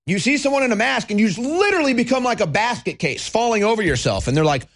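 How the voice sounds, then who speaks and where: A man's voice: sits high, sing-song, fast, fairly bright tone. A man hosting a political talk show, ranting in a combative, mocking way and swearing freely. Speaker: political commentary host. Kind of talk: angry political rant.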